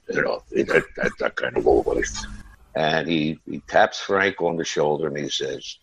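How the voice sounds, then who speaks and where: A man tells rambling stories in a casual interview. His voice is very low and gravelly, with a husky edge. The sound is dry and muffled. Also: measured pace, no room sound. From United States. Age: 70s. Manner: rambling anecdotes full of "you know" and "uh". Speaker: interview guest, singer.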